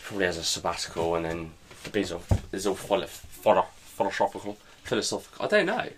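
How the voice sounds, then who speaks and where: A man's voice: low-pitched, fast talker, slight background noise. A young man co-hosting a podcast, chatting casually and rambling through jokey tangents about football. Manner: rambling, jokey, thinking aloud. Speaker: podcast co-host.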